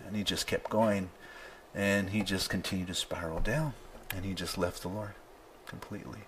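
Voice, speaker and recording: A man's voice: sits low, steady tone, normal speed, slight background noise. A male pastor preaching a sermon in an easygoing conversational way, reading scripture aloud with rising emphasis.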